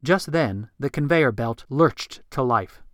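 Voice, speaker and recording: A man reading a story aloud in an even, measured narration into a close microphone. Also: medium pitch, dry recording. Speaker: audiobook narrator. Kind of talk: scripted narration.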